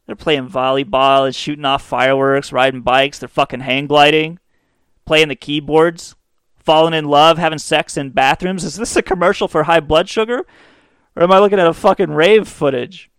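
A man's voice: fairly high pitch, unhurried, fairly bright tone, clear, resonant tone, no echo. A man hosting a comedy podcast, delivering a profane, mocking rant into a close mic. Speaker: podcast host. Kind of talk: ranting comedy monologue.

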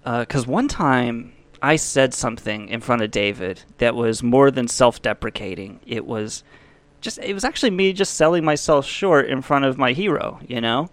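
A man's voice: mid-range voice, animated, moderate pace, no echo. A man hosting a podcast, talking in a rambling way that swings between jokey bits and heartfelt reflection. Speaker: podcast host. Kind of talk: casual podcast monologue.

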